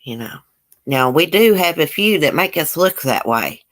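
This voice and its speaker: A woman's voice: deep voice, animated, moderate pace. Blunt Southern woman chatting on livestream. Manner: blunt, outspoken, swears freely; folksy country speech with drawled phrases. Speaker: YouTube livestream host. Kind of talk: casual live chat reading viewer comments.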